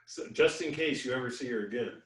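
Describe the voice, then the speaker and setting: A man's voice: medium pitch, a little fast. A man co-hosting a podcast in casual chat, teasing his friend with short wisecracks. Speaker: podcast co-host. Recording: roomy, from off-mic.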